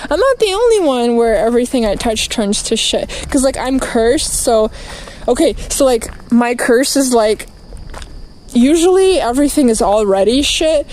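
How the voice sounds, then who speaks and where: A woman streaming outdoors, delivering a rambling, profane rant and quickly getting angry. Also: a little high, lively intonation, a little mellow, a little hiss or hum, poor audio. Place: outdoors, walking past litter and traffic.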